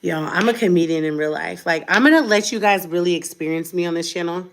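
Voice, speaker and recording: Woman vlogger, slightly low voice, tired, blunt and defiant, unscripted direct-to-camera talk. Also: fast. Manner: blunt, defiant, chatty and emphatic. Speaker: vlogger, mother.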